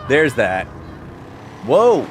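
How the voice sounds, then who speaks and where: A man's voice: mid-range voice, slight background noise. A man chatting casually and joking at himself while he plays a video game. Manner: chatty, jokey, self-mocking. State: playing a tipsy character. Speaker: gaming streamer. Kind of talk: casual gameplay commentary.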